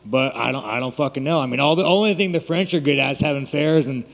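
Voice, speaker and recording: Profane, mocking fighter in a reverberant hall. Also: male voice, medium pitch, fast talker, gravelly. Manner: blunt, swearing, mocking. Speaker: fighter at a media day. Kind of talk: profane, boastful press scrum talk. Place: large room at a media event.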